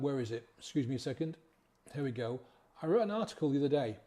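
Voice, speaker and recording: A man's voice: fairly high pitch, warm tone. A man, a sobriety coach talking casually to his viewers in a rambling, encouraging way, full of restarts and rhetorical questions. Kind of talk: casual motivational talk.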